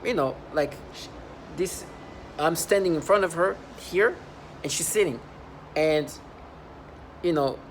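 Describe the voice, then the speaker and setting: A man with an accent talks straight to the camera in a fairly high voice, piling up restarts and repeated words as he builds his point. His story comes out emphatic and rambling. A faint hum of noise sits under his voice. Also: unhurried, long pauses. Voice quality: speaks with an accent. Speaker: vlogger describing his workplace experiences. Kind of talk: rambling personal monologue.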